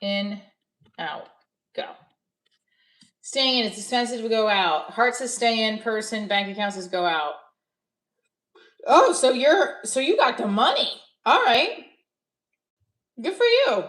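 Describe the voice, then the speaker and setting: A woman's voice: on the high side, expressive, slow pace, long pauses, fairly bright tone, reverberant, low-quality recording. A woman comedian with a New Jersey accent, chatting casually on a live stream, blunt and profane, reading viewer comments aloud.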